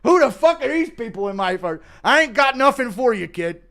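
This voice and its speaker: A man voicing a confused, paranoid old man with dementia who shouts and swears. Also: high-pitched, normal speed, gravelly, pitched above the performer's own voice, full character voice. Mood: belligerent. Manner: shouting, profane, belligerent.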